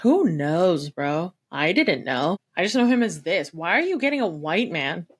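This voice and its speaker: A woman co-hosting a podcast in casual chat, animated and swearing freely as she acts out movie lines. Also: fairly low pitch, moderate pace, husky. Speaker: podcast co-host.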